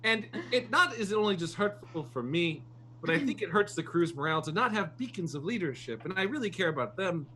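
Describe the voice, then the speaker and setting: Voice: mid-range voice, animated, brisk, pushed and bright, slight background noise. A player voicing an earnest robot first mate who stammers and tries to please.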